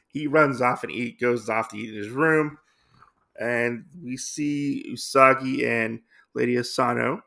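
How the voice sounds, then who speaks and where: A man's voice: medium pitch, fairly even intonation, measured pace, creaky, pushed and bright. A man casually recapping a comic story, rambling with lots of fillers and restarts. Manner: rambling with many fillers and restarts, reads lines in loose voices. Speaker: podcast host recapping a comic.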